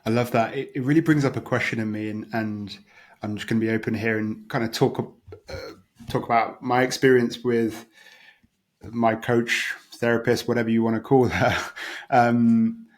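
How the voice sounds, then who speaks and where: A man hosting a podcast, talking candidly and searchingly, stumbling and repeating words as he thinks out loud. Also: medium pitch, flat delivery, normal speed. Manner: candid and searching, with many stumbles and soft laughs. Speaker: podcast host and coach. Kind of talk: open conversational chat.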